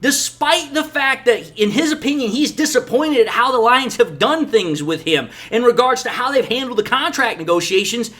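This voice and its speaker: Animated, exasperated sports commentator. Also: mid-range voice, moderate pace, few pauses. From Detroit area, USA. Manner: emphatic, exasperated ranting. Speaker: sports channel host. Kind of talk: opinion commentary on football.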